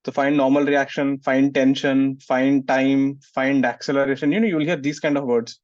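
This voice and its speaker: A man's voice: medium pitch, flat delivery, normal speed, darkish tone, dry recording. Man, physics teacher, classroom lecture, muffled, dry. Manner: scolds students, asks "getting it?" often.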